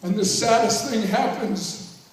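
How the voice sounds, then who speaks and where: A man in his fifties giving an emotional, reflective reunion speech with jokes and slow pauses. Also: high voice. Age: 50s. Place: large reunion hall. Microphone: handheld microphone heard from far off. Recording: echoey hall from far off.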